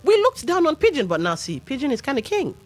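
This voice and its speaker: Nigerian woman, radio host, lively swooping delivery, opinionated talk, faint music under her. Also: high voice, quick pace. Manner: animated, opinionated, mixes in pidgin asides. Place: radio studio.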